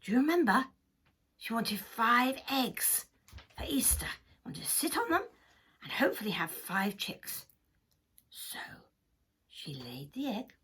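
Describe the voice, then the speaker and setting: Whispering breathy woman storyteller. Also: on the high side, big pitch swings, a little slow, long pauses, fairly bright tone. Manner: dramatic whispers and gasps. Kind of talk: children's story reading.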